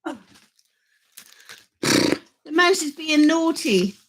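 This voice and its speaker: An older woman hosting a live stream, chatting excitedly with viewers and rambling with many restarts. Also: high-pitched, extremely slow. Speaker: channel host.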